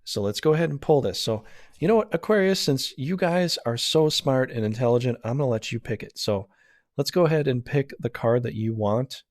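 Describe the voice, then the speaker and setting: A man talks through a casual tarot reading in a mid-pitched voice, recorded close and dry with no room sound. He rambles, talks himself in circles and laughs at his own bad luck. He sounds self-deprecating and gets easily flustered. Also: lively intonation, fairly quick, darkish tone, no echo. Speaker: tarot reader.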